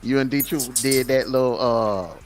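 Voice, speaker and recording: A man's voice: medium pitch, a little slow, slight background noise. A man chatting casually on a live stream, easygoing and full of compliments. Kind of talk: casual chat.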